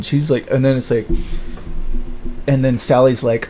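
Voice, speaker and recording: A man in a rambling livestream monologue, bitter and halting, stumbling through fillers and restarts. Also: steady tone, mellow, a little hiss or hum. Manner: mocks others in high put-on voices.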